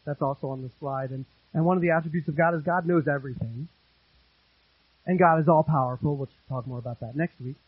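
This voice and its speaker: High-voiced husky pastor preaching earnestly. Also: male voice, fairly quick, no echo, phone-quality sound. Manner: earnest, repeats phrases for emphasis, swings between loud and hushed. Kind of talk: sermon.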